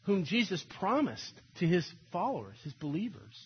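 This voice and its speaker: A man's voice: high voice, sing-song, moderate pace, husky, dull audio. An older man preaching a sermon, telling stories animatedly and acting out quoted voices. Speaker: pastor.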